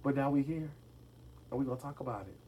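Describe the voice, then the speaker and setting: A man's voice: medium pitch, fast, muffled recording, slight background noise. A man chatting casually to his viewers about celebrity gossip, sassy and direct, often calling them "y'all". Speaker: gossip vlogger.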